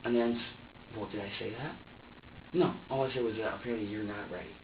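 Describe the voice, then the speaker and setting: A man's voice: lowish voice, steady tone, brisk. A man being questioned in an interrogation room, telling his story in a heated, profane, rambling way. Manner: profane, heated, rambling, quotes both sides of an argument. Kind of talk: agitated recounting in an interrogation. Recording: echoey room, distant muffled mic, faint hiss.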